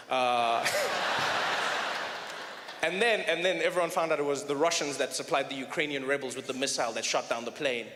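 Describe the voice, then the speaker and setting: A man doing stand-up comedy on a theater stage, telling animated stories and often saying "you know". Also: medium pitch, moderate pace, pauses often, slight background noise. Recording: roomy hall with faint ambience.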